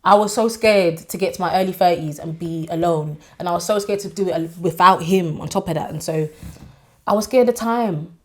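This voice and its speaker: A woman, telling a painful personal story as a podcast co-host, candid and quick to laugh. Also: fairly low pitch. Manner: emotional, confessional, quick to laugh.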